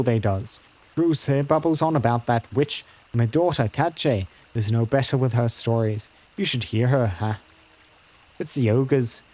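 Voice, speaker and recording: A man's voice: medium pitch, a little mellow, natural voice. A gloomy country herder from a fantasy game who rambles in folksy, ungrammatical talk, as a man plays him. He sounds close to an everyday man's voice. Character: rustic middle-aged male cattle herder, gloomy.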